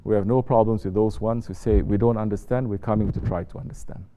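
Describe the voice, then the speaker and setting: A sheikh giving a sermon, mostly soft-spoken and rising to sharp emphasis when he scolds. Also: lowish voice, steady tone, fast talker. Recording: dull lo-fi recording with faint noise.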